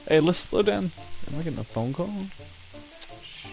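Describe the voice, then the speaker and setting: A man's voice: fairly high pitch, expressive, moderate pace, darkish tone, low-quality recording. A man streaming a visual novel, reading the game's lines aloud with joking asides. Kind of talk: live game stream reading dialogue. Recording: game music playing clearly behind. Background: game music.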